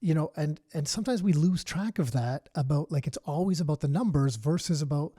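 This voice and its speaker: A man hosts an interview in a warm, mellow voice pitched a little high. He talks thoughtfully, pausing and restarting, and the sound is dry and close. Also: husky, no echo. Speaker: host. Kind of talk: interview chat.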